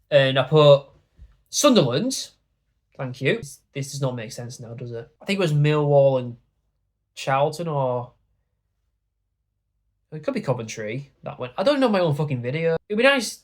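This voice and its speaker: Young man, football YouTuber, foul-mouthed and blunt, voice sits a touch high. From York, England. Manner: sweary, rambling, blunt. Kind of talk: casual football predictions rant.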